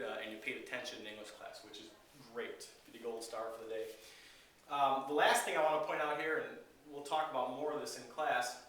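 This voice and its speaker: Male English teacher, recorded lecture, easygoing explanations, distant mic, faint background hiss. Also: mid-range voice. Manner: relaxed, explanatory, with frequent fillers. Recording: very echoey room, voice from a distance.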